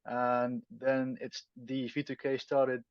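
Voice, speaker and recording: A man's voice: mid-range voice, flat delivery, slow, clear, resonant tone, no room sound. A man with a Dutch accent, a native Dutch speaker, answering interview questions thoughtfully and searching for his words. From Netherlands. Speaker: guest. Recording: dull lo-fi dry sound.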